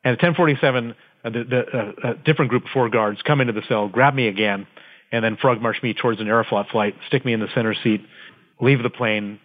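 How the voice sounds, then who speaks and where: A man's voice: medium pitch, fairly even intonation, fast. Man telling a story over a tinny phone line. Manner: vivid, dramatic storyteller. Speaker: interview guest. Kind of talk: conversational storytelling. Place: office.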